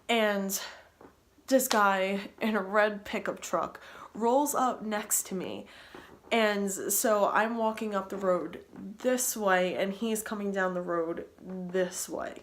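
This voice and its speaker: A woman's voice: medium pitch, a little hiss or hum. Woman rambling through a storytime vlog. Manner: breathless, rambling retelling with repeats and restarts. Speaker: vlogger.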